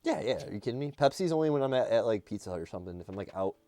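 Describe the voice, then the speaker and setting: A man's voice: mid-range voice, lively intonation, rapid-fire, warm tone, no echo, soft background music. An American man hosting a casual chat, joking and bantering with friends. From United States.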